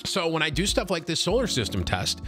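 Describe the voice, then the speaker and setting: A man with a brisk, sing-song, rather high voice casually tells a story to his stream viewers over background music. He rambles, repeats words and swears while mocking himself.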